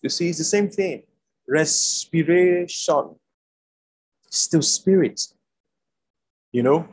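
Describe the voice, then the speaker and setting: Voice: medium pitch, takes it slowly, darkish tone, low-quality recording. A preacher giving an online Bible teaching over a video call, repeating key words for emphasis.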